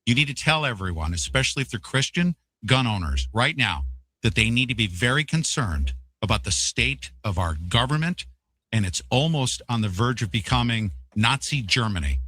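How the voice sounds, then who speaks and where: A man's voice: mid-range voice, big pitch swings, normal speed, sharp tone, breathy edge, dry recording. A man hosting a talk show, questioning his guest in an urgent, emphatic way. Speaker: host. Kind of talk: talk radio interview.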